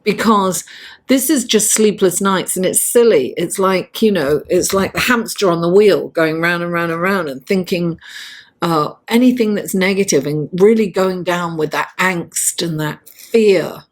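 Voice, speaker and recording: A woman's voice: on the low side, measured pace. Chatty woman giving a tarot reading. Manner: chatty, animated, laughs often; encouraging, motivational. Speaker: astrology and tarot reader. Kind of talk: casual tarot reading to camera.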